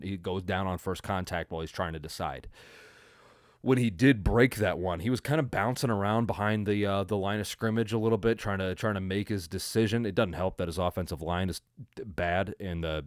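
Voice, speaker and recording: A young man hosting his own sports podcast, recapping a game in a rambling, excitable way with lots of fillers and restarts. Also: deep voice, dry recording, clean studio sound. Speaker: podcast host. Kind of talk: casual solo sports recap.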